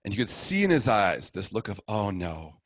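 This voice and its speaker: A middle-aged man tells his story in a relaxed, chatty way, his low voice rising and falling a lot as he acts out the people in it. The sound is dry and close, with no room around it. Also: a little fast, husky, no room sound. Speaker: guest sharing his conversion story. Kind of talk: casual storytelling.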